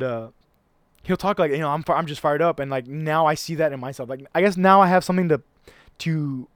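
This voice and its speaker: A man's voice: a little high, smooth, no echo. Emphatic man, dry close sound. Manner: emphatic, restarts often, swears casually. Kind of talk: casual chat.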